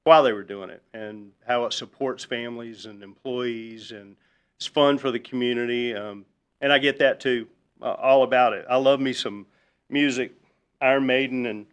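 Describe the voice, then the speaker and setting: A man speaking at a town council public hearing, relaxed and folksy, with many ums. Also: medium pitch, normal speed, clear, resonant tone. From Virginia, US. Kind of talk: public comment at a council meeting.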